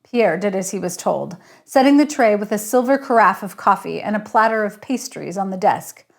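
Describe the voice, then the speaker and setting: A woman, the author, reading her story aloud in steady first-person narration. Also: mid-range voice, normal speed, gravelly.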